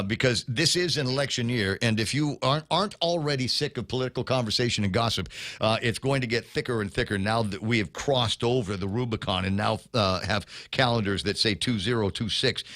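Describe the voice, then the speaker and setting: Man, radio talk show host, casual rambling delivery, middle pitch, dry close sound. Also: fairly bright tone, no room sound. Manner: rambling, with many fillers and restarts, reads listener comments. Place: radio studio.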